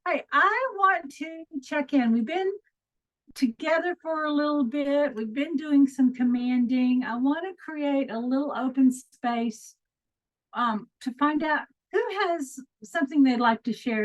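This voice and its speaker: A woman's voice: high-pitched, unhurried. A middle-aged woman from Texas with a Texan accent, hosting an upbeat, chatty online coaching call with easy fillers. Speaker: host. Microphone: video call. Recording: lo-fi video call audio.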